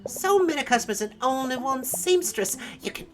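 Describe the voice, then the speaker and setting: A woman's voice: high voice, lively intonation, normal speed, voice pushed up. A woman voicing a witty, teasing retired old seamstress, reading game dialogue aloud in a proud, chatty manner.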